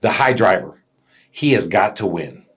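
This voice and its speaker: Husky, animated male podcast host. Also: sits low, unhurried. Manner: animated storyteller, acts out customers' voices. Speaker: podcast co-host, business owner. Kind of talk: casual business podcast chat.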